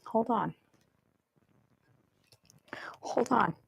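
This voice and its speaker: A woman's voice: on the high side, drawn-out words, creaky, slight background noise. A woman hosting a casual live cooking stream from her home kitchen, chatty and self-deprecating while she fiddles with her mic, over warbly, staticky audio.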